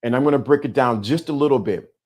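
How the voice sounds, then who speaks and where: A man's voice: mid-range voice, fast, a little mellow. A middle-aged man hosting a live-streamed talk, speaking with emphatic repetition and a preacher-like cadence. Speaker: host.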